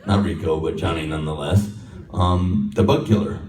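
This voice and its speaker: A man's voice: low voice, fairly even intonation, moderate pace, darkish tone, faint music behind. A middle-aged American man answering audience questions at a convention panel, chatty and jokey, laughing often. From United States. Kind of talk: live convention Q&A. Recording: echoey hall from far off.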